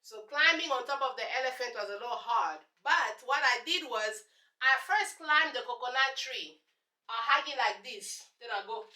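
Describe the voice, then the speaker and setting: A young woman from Congo with a Congolese accent, a native Lingala speaker, telling sarcastic, animated stories to camera as a vlogger. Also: fairly high pitch, normal speed. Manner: sassy, sarcastic, animated storyteller. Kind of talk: casual storytelling to camera. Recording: echoey room, voice off-mic.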